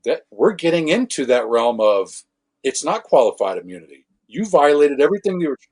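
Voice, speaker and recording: Husky-voiced man telling cop stories. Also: a little high, fairly quick. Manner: animated anecdotes with acted quotes, self-correcting swears. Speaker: podcast guest, former law enforcement officer. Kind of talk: casual storytelling conversation.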